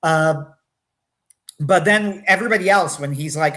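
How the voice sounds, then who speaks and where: A man co-hosting a casual livestream talk, animated, acting out quotes between many fillers. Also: a little high, normal speed, pauses often. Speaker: podcast co-host.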